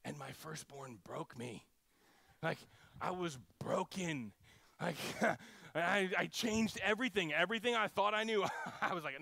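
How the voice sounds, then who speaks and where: A man preaching a sermon as a pastor, in an animated, conversational way, acting out quotes. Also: high voice, measured pace, vocal fry, no echo. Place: church.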